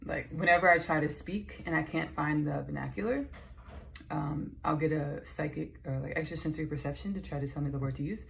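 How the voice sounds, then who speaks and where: A woman's voice: low-pitched, brisk, gravelly, slight background noise. A Texan woman rambling casually in a vlog, playful and chatty with lots of asides. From Texas. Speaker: vlogger.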